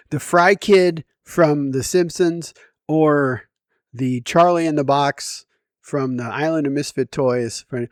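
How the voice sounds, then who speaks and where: A man's voice: mid-range voice, no room sound, clean studio sound. A middle-aged man talking to camera at home in a rambling, self-mocking way and laughing often. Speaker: vlogger. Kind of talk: rambling casual vlog.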